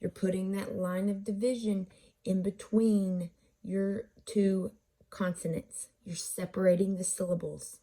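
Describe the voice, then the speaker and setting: Speaking in a mellow, slightly husky mid-range voice with a level tone, a woman reading teacher leads a phonics lesson. She takes her time, patiently asks questions and answers them on her own, and sounds out each syllable slowly.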